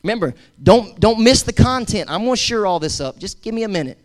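A man's voice: high voice, lively intonation, brisk. A man preaching a sermon as pastor, emphatic and repetitive, with call-and-response to his congregation and casual asides. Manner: repeats words for emphasis, conversational asides.

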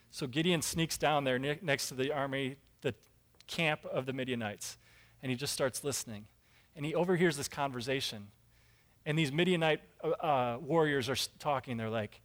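A man preaching a sermon, telling a Bible story with lively acted-out voices and emphatic rises. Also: mid-range voice, moderate pace. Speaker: pastor.

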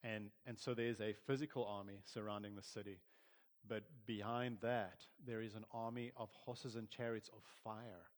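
A man's voice: on the low side, steady tone, normal speed. A man preaching a sermon in an earnest, conversational way, often restarting his words. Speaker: pastor. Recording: long hall reverb.

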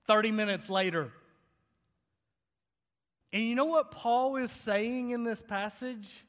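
A young male pastor preaches with a high, carrying voice, rising to loud, emphatic lines and dropping to quiet, confiding asides. He tells humorous personal stories between points. The sound rings with the long reverb of a church sanctuary. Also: slow. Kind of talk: sermon.

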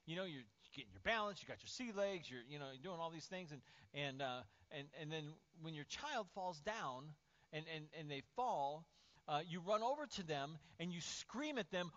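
A male pastor preaching a lively sermon, swinging from loud, acted-out outbursts to near-whispers. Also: on the high side, normal speed. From Indiana, USA. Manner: animated, acts out voices and swings from shouting to near-whisper. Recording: dull lo-fi sermon audio.

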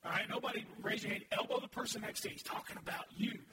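A very high-pitched man delivering an earnest, emphatic sermon. He sounds far from the mic in an echoey church hall. A steady hum of room noise sits behind him. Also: quick pace. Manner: earnest, emphatic preaching with audience prompts. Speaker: pastor. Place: large church sanctuary.

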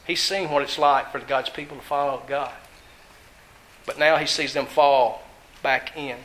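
A man's voice: mid-range voice, steady tone, measured pace, fairly bright tone, echoey room, low-quality recording. A man preaching a sermon in an earnest, conversational way, often asking his listeners questions.

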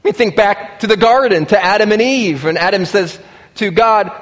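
A man preaching a sermon, lively and expressive, acting out the voices of the people he quotes. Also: sits high, normal speed. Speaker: pastor. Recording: muffled sound with long reverb in a large hall.

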